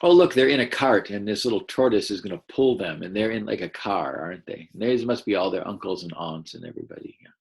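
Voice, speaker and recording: A man's voice: on the low side, fast, vocal fry, few pauses, breathy edge, rough recording. A man teaching first graders a read-aloud lesson, patiently explaining and asking the children questions.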